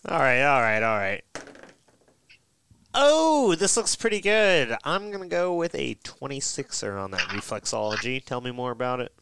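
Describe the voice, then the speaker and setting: A man's voice: medium pitch, lively intonation, brisk, creaky, hardly any pauses, background noise. A man joking around as a player in a tabletop game. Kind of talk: casual tabletop game chat.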